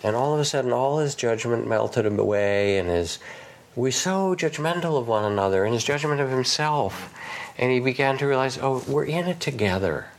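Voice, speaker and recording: Gravelly, gentle meditation teacher man. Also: medium pitch, lively intonation, moderate pace. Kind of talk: gentle guided reflection.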